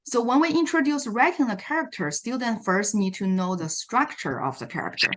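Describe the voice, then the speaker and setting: A woman's voice: fairly high pitch, lively intonation, brisk. Woman presenting teaching strategies on a video call. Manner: explanatory, with frequent fillers and self-corrections. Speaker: Chinese language teacher presenting. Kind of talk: online teacher workshop presentation.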